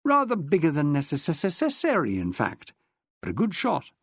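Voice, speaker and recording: Male audiobook narrator, fairly high voice, very lively pitch, dry close sound. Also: measured pace, slightly rough, no echo.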